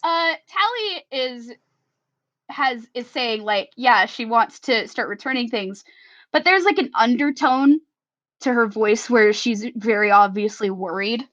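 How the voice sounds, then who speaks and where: A woman's voice: on the high side, expressive, a little slow, fairly bright tone. Giggly woman running a tabletop game. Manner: giggly, casual with many fillers. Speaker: game master. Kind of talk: narrating a tabletop role-play. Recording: slightly muffled recording.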